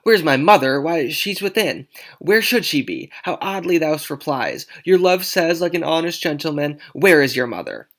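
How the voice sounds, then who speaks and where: A man's voice: a little high, unhurried. A man voicing Juliet, an impatient young girl, reading her lines aloud with urgent, pleading emphasis. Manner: pleading, urgent, louder than usual. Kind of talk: dramatic read-aloud of a play.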